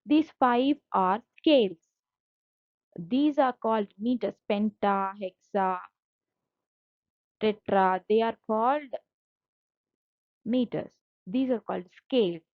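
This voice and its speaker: A woman's voice: mid-range voice, slow, long pauses, no echo. A woman teaching a slide-based literature lesson, patient and methodical, repeating key terms and spelling out each syllable. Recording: dull lo-fi dry recording.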